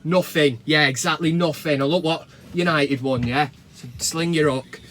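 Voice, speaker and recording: Manc bloke ranting about footy into his camera, bit high voiced, swears a lot, takes the piss. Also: fairly even intonation, normal speed, a bit bright, slight background noise. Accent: Mancunian. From Manchester, England. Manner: sweary, cheeky banter, reads viewer comments. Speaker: football fan channel host. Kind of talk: casual fan reaction vlog. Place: talking into a camera at home. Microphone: camera mic.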